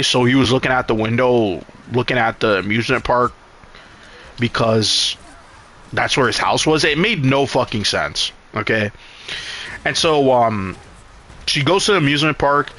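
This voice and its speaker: Male streamer, bright edgy tone, profane rambling recap, mid pitch. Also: unhurried. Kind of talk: casual recap while gaming.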